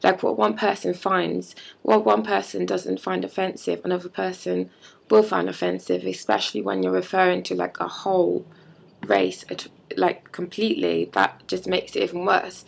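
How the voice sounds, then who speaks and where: Young woman, heavy vocal fry, breathy husky tone, heated casual vlog rant. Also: on the low side, little pitch movement, normal speed. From London. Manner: heated, frequent "like" fillers. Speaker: vlogger.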